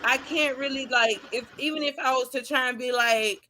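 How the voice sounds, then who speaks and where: Laughing woman, bright voice. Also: sits high, moderate pace. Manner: heartfelt, laughs often, Southern speech. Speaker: podcast guest. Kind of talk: casual chat.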